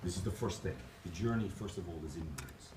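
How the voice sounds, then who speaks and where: Animated man in an echoey hall. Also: sits low, fairly quick. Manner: animated, jokey, addresses crowd directly. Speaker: keynote speaker. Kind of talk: motivational conference talk. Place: conference hall. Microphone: distant camera mic. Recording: echoey hall, distant mic, noisy room.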